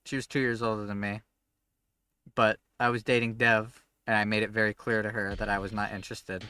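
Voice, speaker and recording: A young man streaming a game, telling stories in a rambling, animated way and swearing freely. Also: fairly low pitch. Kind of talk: casual chat while gaming.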